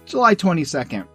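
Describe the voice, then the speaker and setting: A man's voice: fairly high pitch, gravelly, husky. A man co-hosting a podcast, reading comic strips aloud in casual chat and chuckling often. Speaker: podcast co-host.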